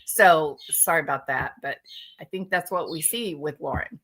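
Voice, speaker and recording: A woman's voice: low-pitched, moderate pace, fairly bright tone, breathy edge. A woman guest on a live stream, ranting in a heated, scornful way.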